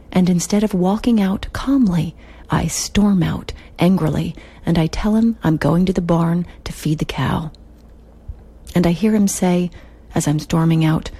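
A woman's voice: on the low side, warm tone, husky. A middle-aged woman hosting a podcast, reading her own short story aloud in a wry, dry way.

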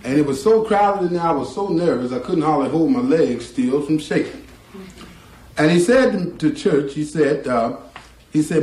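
Man telling a lively story. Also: on the high side, moderate pace. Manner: lively storyteller who acts out quoted voices. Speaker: guitarist. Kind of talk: spoken storytelling. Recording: roomy with faint guitar behind.

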